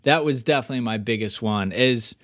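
A man hosting a casual podcast, talking energetically with fillers and quick restarts. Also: medium pitch, fairly bright tone, dry recording, studio quality. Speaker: podcast host. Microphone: remote call microphone.

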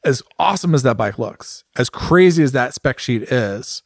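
A man co-hosting a casual podcast, talking fast and acting out other riders' thoughts in short bursts. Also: mid-range voice, dry recording, clean studio sound. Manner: animated, acts out riders' thoughts in quick bursts. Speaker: podcast co-host. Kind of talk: casual motorcycle chat.

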